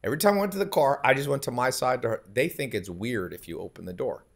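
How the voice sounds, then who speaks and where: A podcast guest chats casually in a mid-range, gravelly voice, talking quickly and with animation. He is emphatic and full of anecdotes, often laughing partway through his sentences.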